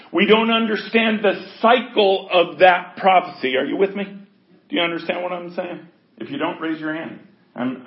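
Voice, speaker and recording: Man preaching in an echoey hall. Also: sits high. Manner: informal, checks in with listeners often. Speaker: pastor. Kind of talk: conversational sermon. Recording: echoey, dull lo-fi recording.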